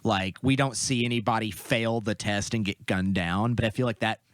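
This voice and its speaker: A man's voice: on the low side, steady tone, moderate pace, a bit bright. A man co-hosting a casual movie review chat, often restarting his sentences as he thinks aloud. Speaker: co-host of a movie review show.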